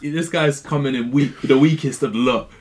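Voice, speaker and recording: A man hosts a casual reaction chat, reacting in disbelief and breaking into laughter often. His pitch sits in an ordinary middle range. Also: moderate pace, very noisy. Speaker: reaction video host.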